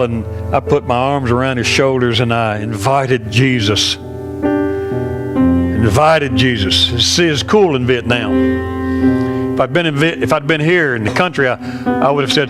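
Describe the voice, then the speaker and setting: A man in his sixties, a pastor, telling an earnest story in a sermon, halting and often repeating himself. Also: mid-range voice, over loud music. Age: 60s.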